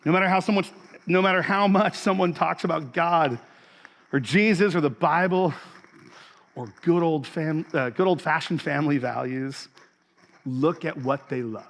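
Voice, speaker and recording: A man's voice: fairly high pitch, moderate pace, fairly bright tone. A man in his forties, a pastor, giving a sermon in a loose conversational way with many fillers and restarts.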